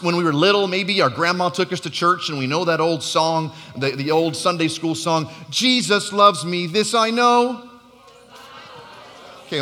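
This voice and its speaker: A man preaching a sermon in a large church, energetic and joking, calling out to the congregation. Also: on the high side. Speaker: pastor. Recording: long reverb of a church hall.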